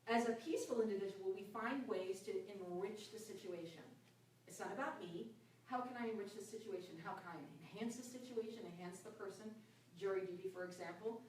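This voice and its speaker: A woman giving an earnest, reflective self-help talk about finding peace, her voice often dropping soft and low. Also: brisk, slight background noise. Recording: echoey room from a distance, faint ambience.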